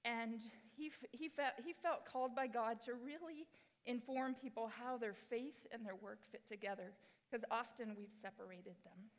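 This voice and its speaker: This pastor, a woman in her forties, delivers her sermon at a moderate pace in a slightly high voice. She's chatty and self-deprecating, breaking into bursts of enthusiasm, while the church sanctuary adds long hall reverb.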